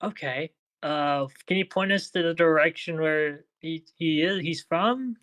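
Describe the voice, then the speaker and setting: A man's voice: fairly high pitch, unhurried, a bit bright. A man playing a tabletop game, stammering and hesitant as he talks in character. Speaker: player.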